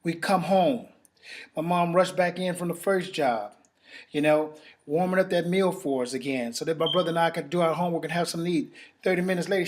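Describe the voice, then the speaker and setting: A network marketing presenter, a man, delivers an emotional testimonial-cum-sales pitch in halting speech, repeating phrases and stopping to sigh. It sounds like a home-camera recording with slight hiss or hum.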